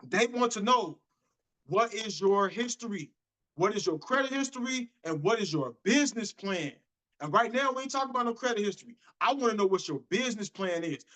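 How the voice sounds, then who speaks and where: A man with a strikingly high voice delivers a motivational sales talk to his group. His tone is bright and forceful, and he stresses points by repeating and restarting phrases. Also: rough recording. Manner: repetitive, emphatic, restarts phrases. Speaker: business motivational speaker.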